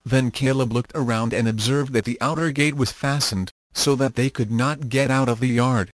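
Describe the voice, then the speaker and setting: Male narrator for an old children's story, mid-pitched, measured reading, dry close sound. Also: fairly even intonation, dry recording.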